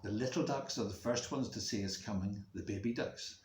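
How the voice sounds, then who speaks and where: Reading to schoolchildren, a male music teacher takes it slow and acts out the sound effects with expression, his voice on the low side. The recording comes from a room at home by a main road, window open, with slight background noise and roomy echo.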